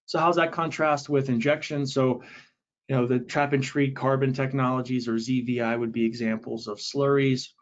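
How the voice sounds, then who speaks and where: A man talks through a technical webinar in an easy, conversational manner. He explains step by step, often pausing on fillers and restarting his sentences, at a mid-range pitch. The audio sounds a little dull and lo-fi. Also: steady tone, a little hiss or hum. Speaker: webinar presenter.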